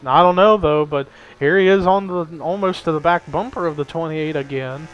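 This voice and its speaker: A man's voice: fairly high pitch, moderate pace, clean tone, muffled recording. Young man calling a sim race. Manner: steady play-by-play, tentative hedging. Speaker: play-by-play commentator. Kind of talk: amateur sim-racing commentary.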